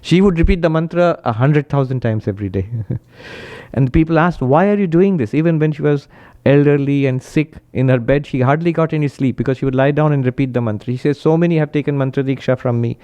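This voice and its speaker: A man, a monk, giving a spiritual talk and telling stories with animated quoted voices. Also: fast talker, muffled recording. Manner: animated storyteller, raises pitch when quoting, laughs often.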